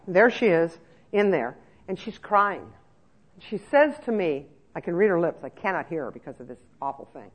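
Middle aged woman giving a talk to care staff, lively storyteller, keeps asking okay?, kinda muffled recording. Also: fairly low pitch, normal speed, breathy edge. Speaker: speaker on nursing home care.

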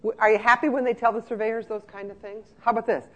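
A trainer giving a lively, joking talk to care-home staff, acting out scenes as they speak. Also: medium pitch, quick pace, muffled recording.

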